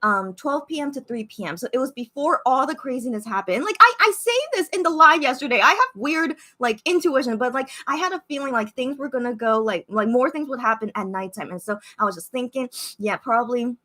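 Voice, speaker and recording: Chatty high-voiced woman on a livestream. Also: brisk, few pauses. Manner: chatty, excitable, many fillers and restarts. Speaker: livestream host reading viewer comments. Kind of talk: casual live-stream chat. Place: Korea.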